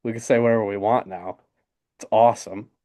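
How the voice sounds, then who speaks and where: A young man in his twenties co-hosting a casual sports podcast, excited and rambling with lots of fillers. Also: on the low side, brisk, no room sound, clean studio sound. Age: 20s. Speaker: podcast co-host. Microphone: desk podcast mic.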